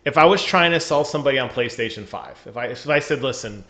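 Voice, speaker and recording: A man's voice: medium pitch, expressive, fast, pushed and bright. A man chatting casually on a gaming podcast over a remote call, joking and laughing often. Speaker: podcast co-host.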